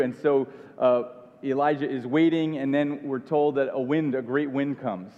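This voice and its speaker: A man's voice: mid-range voice, fairly even intonation, moderate pace. A man preaching an earnest sermon, often restarting and repeating his phrases. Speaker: pastor. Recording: dull sound with long hall reverb.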